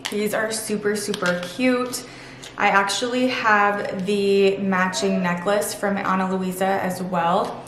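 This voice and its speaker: A woman's voice: mid-range voice, fairly even intonation, slow pace, fairly bright tone, slight background noise. A woman vlogger talking casually and gushing about things she loves, chatty and upbeat. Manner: gushing, chatty, lots of "super" and "literally". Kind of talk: casual sponsored vlog talk. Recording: echoey room.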